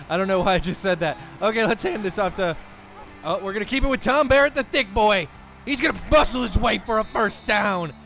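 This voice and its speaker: High-voiced excitable young man calling a game. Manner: excitable, jokey, quick outbursts. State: voice cracking. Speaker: gaming YouTuber. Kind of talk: casual play-by-play commentary over a football video game.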